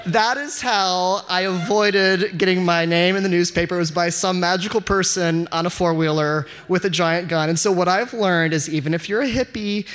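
Animated man telling a live story. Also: high-pitched, normal speed, few pauses, smooth. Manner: animated, self-mocking, laughs often. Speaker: audience member telling a story. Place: live event before an audience.

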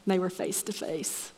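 Woman, sermon, earnest and measured, soft whispered asides, long hall reverb. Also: medium pitch. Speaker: preacher. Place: church.

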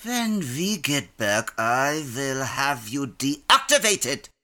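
Cartoon German villain captain, slow, barking, bright edge, woman playing him for a comedy radio play. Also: extremely low pitch, sing-song, heavily acted. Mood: menacing. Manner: barks orders, shouts commands. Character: villainous male submarine captain barking orders.

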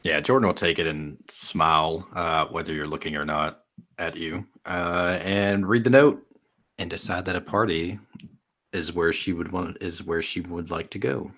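A man's voice: sits low, fairly even intonation, moderate pace, a bit bright. A man playing a tabletop role-playing game, describing his character's actions with hesitant, amused asides. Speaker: player.

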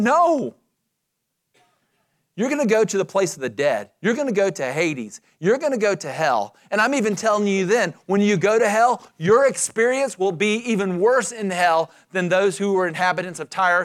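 A man preaching a sermon as pastor, emphatic and dramatic, slowing to stress key phrases. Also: high voice.

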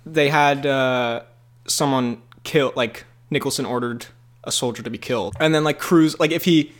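A man's voice: medium pitch, moderate pace. A man co-hosting a casual movie podcast, rambling playfully and laughing often. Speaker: podcast co-host.

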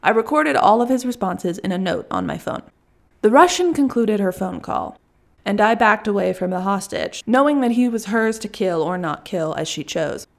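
A woman's voice: mid-range voice, expressive, moderate pace, gravelly. A woman narrating a first-person story in a wry, dry storytelling manner.

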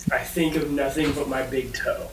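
A man playing a tabletop game, blunt and deadpan when speaking in character. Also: medium pitch, moderate pace. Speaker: player. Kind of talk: casual tabletop play. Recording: echoey room with noise.

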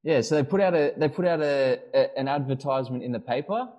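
A man co-hosting a relaxed podcast chat, spinning a long anecdote. He restarts his sentences often and leans on fillers as he goes. His pitch sits in a middle range. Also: quick pace, lo-fi sound. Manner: rambling storyteller with frequent restarts and fillers. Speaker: podcast co-host. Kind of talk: casual chat.

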